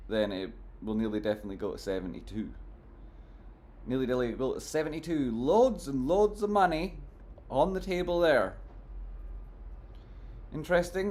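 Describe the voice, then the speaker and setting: A man doing live stream commentary on trading charts, talking to his chat in a jokey, theatrical way that swings between mock gloom and loud exclamations. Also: mid-range voice. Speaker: stock market streamer.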